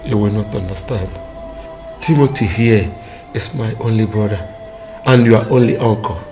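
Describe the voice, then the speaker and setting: Casting: a man playing a grave, dying Nigerian father, low voice, halting and solemn, over loud film score. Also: lightly acted. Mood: tender. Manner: slow, solemn, halting phrases. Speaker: actor in a film drama. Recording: film soundtrack with loud background music.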